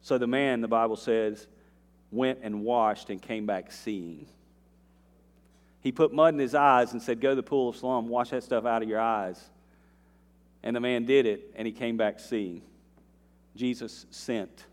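A man preaching a sermon in a church, his voice ringing with the long reverb of a large hall. He moves between soft, earnest stretches and loud climbs in intensity, with folksy asides to the congregation. His pitch sits in a middle range for a man. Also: steady tone, a little slow, pauses often. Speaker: pastor. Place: church sanctuary.

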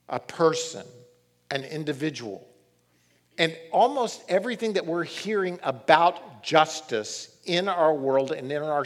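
A middle-aged man preaching a sermon as pastor, reading scripture and telling stories in an animated way. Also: on the high side. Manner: animated storytelling, reads scripture aloud.

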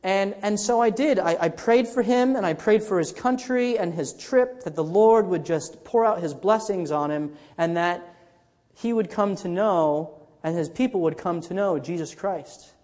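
A man's voice: high voice, normal speed, a little mellow, big-room sound. A man pastor preaching a sermon in a conversational storytelling way, often restarting his sentences.

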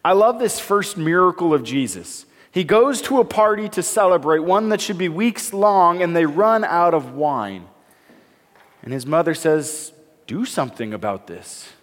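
Joking pastor in a reverberant hall. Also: male voice, on the high side. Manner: conversational and joking, acts out the quoted dialogue. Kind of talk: sermon with Bible reading. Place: church hall.

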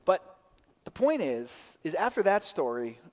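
A man's voice: sits high, unhurried, big-room sound, slight background noise. A man in his thirties preaching a sermon, telling stories and acting out voices. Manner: lively storytelling, acting out voices. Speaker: pastor.

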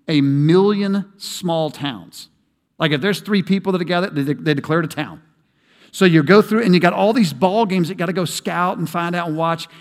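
Preaching man in a reverberant hall. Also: sits high. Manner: conversational preaching, building to emphatic peaks. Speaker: pastor. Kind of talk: sermon.

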